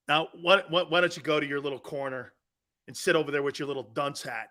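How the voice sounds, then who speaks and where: A man's voice: on the high side, fairly quick, sharp tone. A man hosting a sports talk show, ranting in a mocking, combative way and laughing at his own jokes. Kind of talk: brash sports talk rant.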